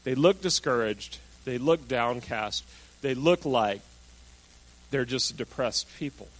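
A man preaching a sermon, telling a Bible story in an animated way and acting out the voices of the people in it. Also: mid-range voice, a little slow, low-quality recording. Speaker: pastor.

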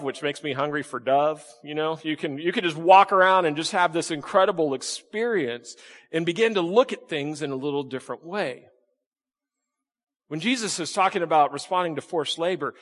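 A man preaching a sermon as pastor, folksy and talking to the congregation, with sudden jumps into high acted-out voices. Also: a bit bright. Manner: folksy, acts out voices with big pitch jumps. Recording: echoey hall reverb.

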